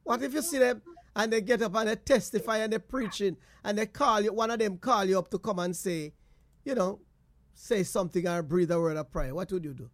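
A man hosting a call-in faith chat, posing drawn-out hypothetical questions. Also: high voice, no room sound. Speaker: host.

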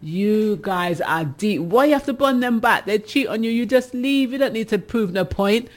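A woman's voice: mid-range voice, animated, moderate pace. Lady on an advice show, chatty and laughing, teasing her listeners. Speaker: radio advice show host. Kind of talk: casual advice chat reading listener messages.

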